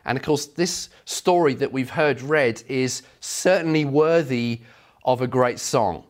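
A man preaching a sermon, earnest and emphatic, telling stories to make his point. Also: medium pitch.

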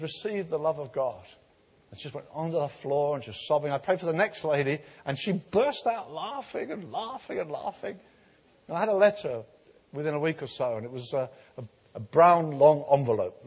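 Husky-voiced preacher in a reverberant hall. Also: male voice, fairly high pitch. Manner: storytelling, growing animated and emphatic. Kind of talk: sermon. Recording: long reverb of a large hall.

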